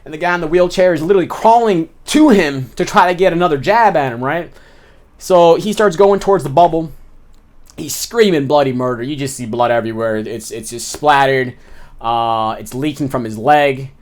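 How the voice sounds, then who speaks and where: Man, slangy, lively storyteller, fairly high voice. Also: moderate pace. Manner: street slang, animated retelling with repeated phrases. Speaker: former inmate telling stories. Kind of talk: casual storytelling.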